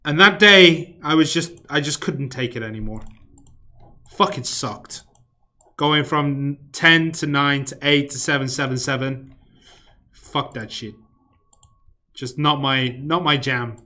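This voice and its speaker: A man's voice: medium pitch, slow, long pauses, pushed and bright. A young man live-streaming a game, rambling casually, swearing freely and muttering or humming to himself as he plays. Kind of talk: casual live-stream chat while playing.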